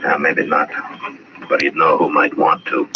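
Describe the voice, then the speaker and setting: An actor playing a steady middle-aged frontier marshal in an old-time radio western, speaking in a calm, measured way. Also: male voice, rumbling low. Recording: lo-fi old radio recording with hiss.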